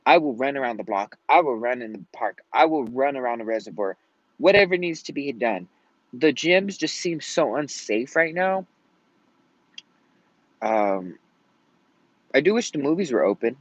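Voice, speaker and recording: A man's voice: medium pitch, animated, moderate pace, pauses often, no room sound. A man venting in a casual vlog rant, rambling and swearing often out of frustration. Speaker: vlogger. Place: at home in Colorado. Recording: dull lo-fi sound.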